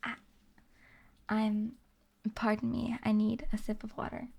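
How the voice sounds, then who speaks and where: Soft-spoken, giggly woman ASMR streamer. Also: fairly high pitch, completely flat delivery, unhurried, gravelly, slightly rough. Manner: giggly, reads chat aloud and thanks viewers; drifts into whispers.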